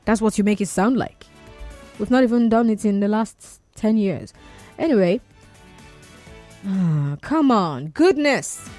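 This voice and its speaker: A woman's voice: mid-range voice, expressive, measured pace, pauses often, dark tone, faint music behind. A woman with a Nigerian accent hosting a call-in radio show, reading listener messages aloud and reacting to them in a chatty, teasing way. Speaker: radio talk show host.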